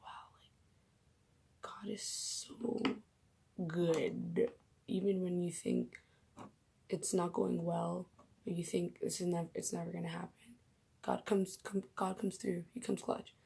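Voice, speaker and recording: A woman's voice: on the low side, little pitch movement, moderate pace, gravelly, dark tone, breathy edge. A young woman vlogging casually about her faith, emotional and gushing, often dropping into whispers.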